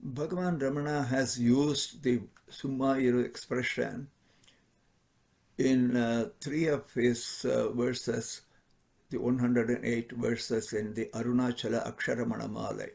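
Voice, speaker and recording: Man reading and explaining devotional verses, gravelly, slow and careful. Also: mid-range voice, steady tone, a little mellow. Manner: measured, explanatory, repeats points for emphasis. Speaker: devotional speaker. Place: ashram celebration.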